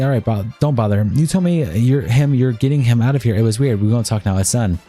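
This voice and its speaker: Guy streaming, reading chat logs super fast, lowish mellow voice, quiet music under it. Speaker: streamer reading a document aloud. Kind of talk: live-stream reading of a text-message document.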